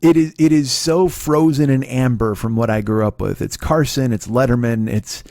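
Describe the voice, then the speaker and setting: A middle-aged podcast host tells a long, loose, rambling story, swearing freely, mocking himself, and restarting often. His voice is at an ordinary mid pitch, a little mellow, at normal speed. The sound is close and dry, with no room echo.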